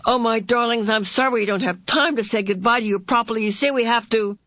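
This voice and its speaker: A man's voice: extremely high pitch, brisk, sharp tone, no echo, studio quality, pitched above the performer's own voice. A reader voicing a kindly, otherworldly old woman who speaks breathlessly and fondly. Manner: breathless and fond.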